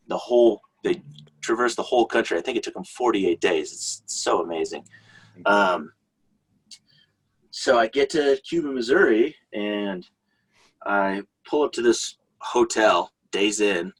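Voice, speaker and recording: Man, podcast guest, husky, lowish voice, chatty storyteller. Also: poor audio. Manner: chatty, laughs often. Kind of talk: casual storytelling.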